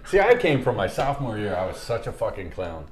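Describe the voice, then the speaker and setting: A man's voice: lowish voice, big pitch swings, a little fast. A man co-hosting a podcast, telling old team stories in a laid-back way, swearing freely and laughing at his own tales. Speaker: podcast co-host. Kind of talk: casual chat. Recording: echoey room with faint background noise.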